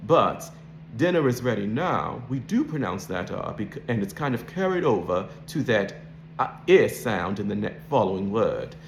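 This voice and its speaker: A man's voice: fairly low pitch, lively intonation, normal speed, vocal fry, reverberant, slight background noise. A man coaching an accent, explaining and demonstrating sounds in a lesson.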